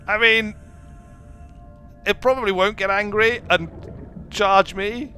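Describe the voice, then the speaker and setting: A man's voice: sits high, steady tone, slow pace, bright, forceful tone. A man streaming a video game, giving playful, whimsical commentary and chatting to the creatures he meets. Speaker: gaming streamer. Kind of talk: playful let's play commentary. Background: faint game music.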